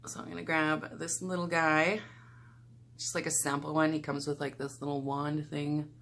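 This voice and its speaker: A woman's voice: deep voice, moderate pace, a little hiss or hum. A young woman vlogger chatting casually as she does her makeup and talks through each product. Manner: chatty, relaxed, talks while applying makeup. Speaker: beauty vlogger. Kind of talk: casual get-ready-with-me talk.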